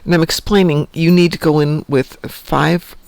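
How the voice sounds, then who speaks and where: A man's voice: a little high, steady tone, moderate pace, creaky, darkish tone, no room sound. A man hosting a casual morning live stream from home, rambling and joking about his day. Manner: rambling, chatty, self-joking.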